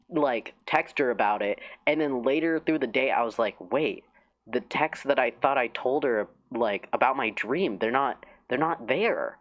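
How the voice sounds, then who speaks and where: A man's voice: medium pitch, fairly bright tone. Male streamer, casual chat, giggly, self-mocking, rambling, slightly lo-fi audio.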